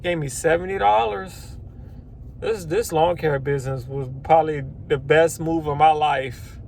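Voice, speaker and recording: A man vlogs outdoors about his lawn care work. His voice sits high for a man, and he talks casually. He rambles, swears, and acts out his own shocked reactions. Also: measured pace, vocal fry, a little mellow, slight background noise. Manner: swears then apologizes. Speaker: lawn care business owner. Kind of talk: casual vlog storytelling.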